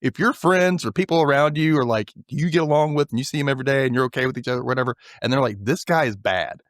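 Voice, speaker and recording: A man's voice: medium pitch, very fast, dry recording, clean studio sound. A man hosting a podcast, casually recapping a TV episode and briefly acting out the characters' lines as he tells it. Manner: animated, acts out characters' lines while retelling scenes.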